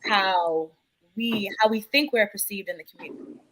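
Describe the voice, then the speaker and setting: A woman's voice: medium pitch, normal speed, a bit bright, poor audio. A woman who works in nonprofits, speaking reflectively in a casual podcast discussion. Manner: thoughtful, reflective. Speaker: nonprofit worker.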